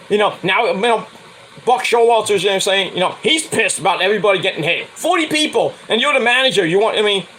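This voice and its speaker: A man's voice: high voice, pushed and bright, slight background noise, poor audio. A man hosting his own stream, ranting in a profane, heated, rambling way about sports. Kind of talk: casual sports rant.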